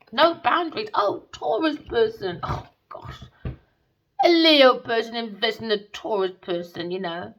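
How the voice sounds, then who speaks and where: A woman's voice: lowish voice, gravelly, fairly bright tone. A woman doing a tarot reading as a scornful, sarcastic rant, swearing and calling people darling. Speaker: tarot reader.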